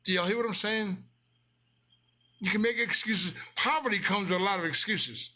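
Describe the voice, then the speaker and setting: A man's voice: high voice, moderate pace, bright, forceful tone. A man in a blunt, casual motivational rant, preachy and repeating his lines for emphasis, speaking close to the mic. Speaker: business owner promoting his company.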